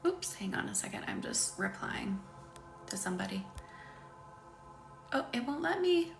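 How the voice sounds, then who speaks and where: A woman in her thirties hosting a live-streamed healing session, leading affirmations and stopping often to greet viewers in the chat. Her manner is gentle and chatty. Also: a little high, sing-song, normal speed, creaky. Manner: gentle, chatty, often breaking off to read comments. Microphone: computer mic on a live stream. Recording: echoey room with faint music.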